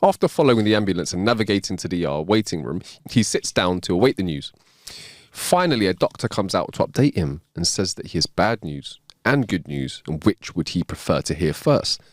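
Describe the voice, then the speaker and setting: A man's voice: deep voice, very animated, brisk, no echo, studio quality. A man co-hosting a casual podcast, telling jokes, laughing often and poking fun at himself. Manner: laughs a lot, self-deprecating. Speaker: podcast co-host.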